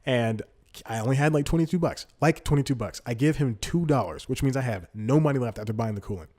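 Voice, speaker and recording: Rambling young comedian telling a story. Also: male voice, medium pitch, animated, fast, darkish tone. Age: 20s. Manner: rambling, restarts sentences, laughs at himself. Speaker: podcast host.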